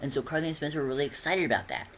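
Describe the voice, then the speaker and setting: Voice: medium pitch, very fast, a bit bright, a little hiss or hum. A fan casually reviewing TV episodes, rambling with frequent restarts and giggles.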